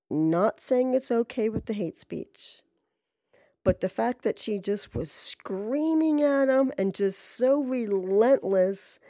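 A woman's voice: on the high side, dark tone, dry recording. A woman telling a rambling story in a chatty, profane way, full of asides and fillers. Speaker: podcast storyteller. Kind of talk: casual storytelling monologue.

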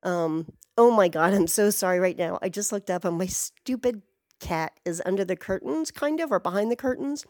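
A woman telling a rambling, excitable story at home in a casual way, swearing freely as she goes. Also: mid-range voice, moderate pace, no echo, clean studio sound. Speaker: vlogger.

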